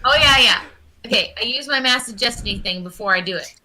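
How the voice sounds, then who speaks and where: Bright-voiced woman at a game table. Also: a little high, fairly quick, low-quality recording. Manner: earnest and giggly, asks many questions. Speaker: player. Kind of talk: casual tabletop play.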